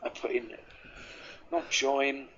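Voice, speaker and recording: A man's voice: mid-range voice, monotone, takes it slowly, a bit bright, slight background noise. A man from England giving casual, joking commentary while playing a video game, reading the on-screen text aloud. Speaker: gameplay commentator. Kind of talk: casual let's play commentary. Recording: dull lo-fi mic.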